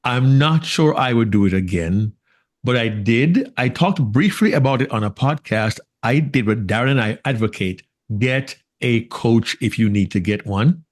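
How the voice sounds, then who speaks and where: A man with a Jamaican accent co-hosting a podcast interview, telling a lively story and laughing easily. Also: mid-range voice, normal speed. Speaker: podcast co-host. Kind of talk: casual interview chat.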